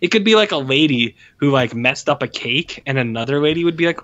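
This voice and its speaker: A man's voice: mid-range voice, expressive, brisk, fairly bright tone, lo-fi sound. A man co-hosting a podcast, chatting casually about a film, rambling with many fillers and acting out scenes in little voices. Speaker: podcast co-host. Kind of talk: casual film review chat.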